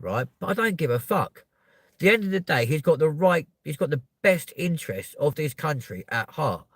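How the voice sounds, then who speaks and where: A man from Kent, ranting on a live stream and answering chat, swearing and often rising to shouting. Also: on the high side, gravelly, dry recording. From Kent, England. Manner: profane, heated, swings into shouting. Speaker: livestreamer.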